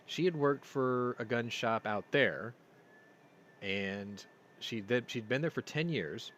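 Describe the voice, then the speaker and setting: A man hosting a casual live-stream chat, rambling through stories and getting loud and excited as he tells them. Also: medium pitch, slow pace, slight background noise. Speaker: podcast host. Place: home room. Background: yard work outside.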